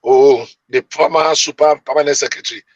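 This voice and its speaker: A man's voice: mid-range voice, fairly even intonation, fairly quick, no room sound, low-quality recording. A man, arguing emphatically and at length as a panelist in a heated debate. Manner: emphatic, argumentative, long-winded.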